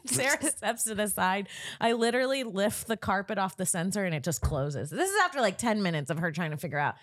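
A woman comedian telling a story with a lot of swing in her pitch, jumping high and low as she acts out what people said. Her voice is mid-pitched, and the sound is dry and close. She swears freely and laughs through her story. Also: animated, a little fast, dry recording. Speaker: comedian podcast co-host. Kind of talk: casual storytelling chat.

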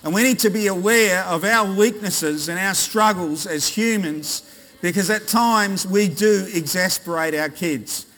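A man's voice: high-pitched, unhurried, fairly bright tone. An Australian man preaching a sermon to a church congregation, joking and putting questions to the parents and kids in the room. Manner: jokey, quizzes the congregation. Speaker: pastor. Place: large church hall. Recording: reverberant church hall.

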